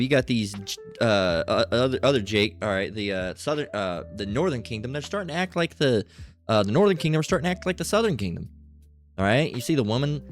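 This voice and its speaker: A man giving casual religious commentary with an itchy throat, rambling and swearing, full of fillers and asides. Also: lowish voice.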